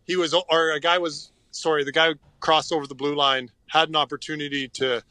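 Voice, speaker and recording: A man's voice: fairly high pitch, flat delivery, fairly quick, pushed and bright, dry recording. A middle-aged man, a former hockey player, telling earnest and rambling anecdotes as a podcast guest. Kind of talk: casual interview storytelling.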